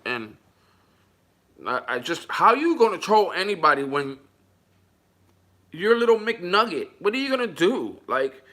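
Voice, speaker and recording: A man's voice: high-pitched, very animated, unhurried, long pauses, pushed and bright. A man livestreaming, reading viewer comments aloud in casual chat and mocking a troll with jokes and frequent laughter. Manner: mocking, jokey, laughs often.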